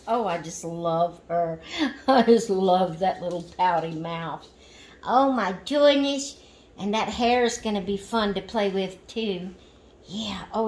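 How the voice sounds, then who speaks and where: A woman chats through an unboxing video at an unhurried, slow pace. She keeps slipping into cooing baby talk when she speaks to her dolls. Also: mid-range voice, darkish tone. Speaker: doll collector vlogger.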